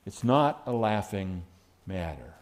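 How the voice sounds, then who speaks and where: A man's voice: sits low, very animated, takes it slowly. A man preaching a sermon who acts out quoted lines with sudden rises and dips in his voice.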